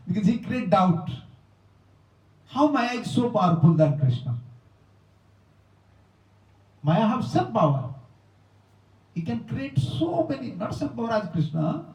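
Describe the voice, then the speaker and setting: A man giving a spiritual talk, telling a story in simple non-native English with lively animation. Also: sits high, takes it slowly, long pauses. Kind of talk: sermon with storytelling. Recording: roomy, distant, dull lo-fi.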